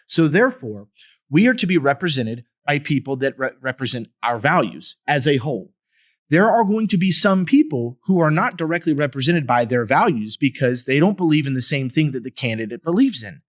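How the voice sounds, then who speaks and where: A man hosting a podcast, giving solo political commentary in an emphatic, animated way with sarcastic asides. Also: on the high side. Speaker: podcast host.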